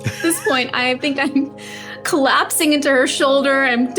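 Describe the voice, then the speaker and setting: A woman's voice: high-pitched, steady tone, normal speed, music in the background. A woman as a podcast guest, telling a personal story in a vivid, heartfelt way, with laughs between phrases.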